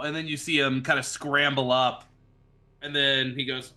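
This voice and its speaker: A man's voice: mid-range voice, level tone, moderate pace, bright, forceful tone. A man narrating as game master of a tabletop game, rambling and searching for words with many fillers.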